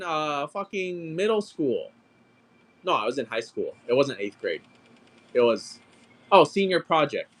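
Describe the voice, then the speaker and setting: Animated, cursing man on a live sale. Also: fairly high pitch, unhurried, long pauses. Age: 30s. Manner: profane, animated storyteller, calls out sale numbers. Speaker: live-stream auction seller. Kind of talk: casual live-selling chat.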